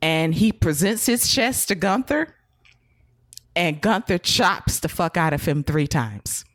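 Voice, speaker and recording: A woman hosting a wrestling podcast, recapping matches with lively swings in pitch and plenty of laughs and swearing. Her voice sits low for a woman, and the sound is dry and close. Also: slow, no echo. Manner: lively, laughing, profane storytelling. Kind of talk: casual chat.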